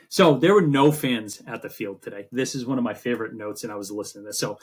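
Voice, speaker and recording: Male podcast co-host, husky voice, chatty storyteller, casual sports banter. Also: medium pitch, brisk. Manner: rambling, animated storytelling with swearing.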